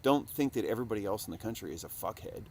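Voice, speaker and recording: Talking very fast into a recorder, a man with a fairly low, slightly rough voice and lively intonation delivers a rambling monologue full of profanity. He drifts into mumbling, then bursts out loudly.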